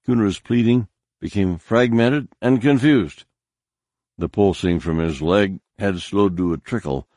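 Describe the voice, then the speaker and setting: A man reads a novel aloud in a very deep voice, steady and deliberate. The recording is dry and close, with no room sound. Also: no room sound. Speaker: audiobook narrator. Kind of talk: scripted narration.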